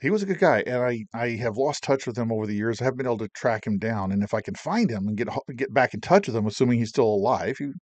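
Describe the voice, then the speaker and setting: A middle-aged man and Navy veteran telling a story from his service, animated, acting out the people he quotes. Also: mid-range voice, fast, hardly any pauses, dry recording. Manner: animated, acts out quotes, profane. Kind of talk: spoken recollection, documentary.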